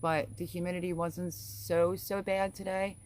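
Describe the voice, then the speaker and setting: A woman's voice: lowish voice, little pitch movement, a little slow, darkish tone, a little hiss or hum. A middle-aged woman hosting a homestead live stream, reading viewer comments aloud in a chatty, rambling way and laughing often. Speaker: homestead channel host.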